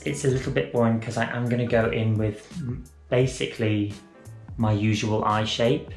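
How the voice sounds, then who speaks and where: A man's voice: mid-range voice, fairly even intonation, normal speed. A man chatting through a drag makeup tutorial at home, rambling, correcting himself and playful. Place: room at home. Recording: roomy echo, faint music.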